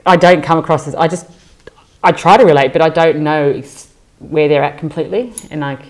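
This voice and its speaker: A woman's voice: low-pitched, steady tone, fairly quick, darkish tone. A middle-aged woman with an Australian accent, chatting as an interview guest in a self-deprecating way, full of fillers and restarts. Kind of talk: casual interview chat.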